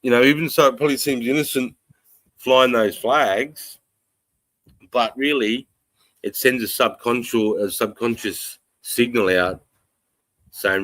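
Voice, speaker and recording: A man's voice: mid-range voice, fairly even intonation, unhurried, fairly bright tone, dry recording. An Australian man hosting a casual live chat, reading comments aloud and giving his blunt, rambling, profane opinions. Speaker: livestream host reading chat.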